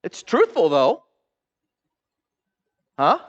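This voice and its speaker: A male pastor preaching a sermon, animated, acting out the characters' voices and putting questions to the congregation in a church. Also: high voice, extremely slow, lo-fi sound. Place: church sanctuary.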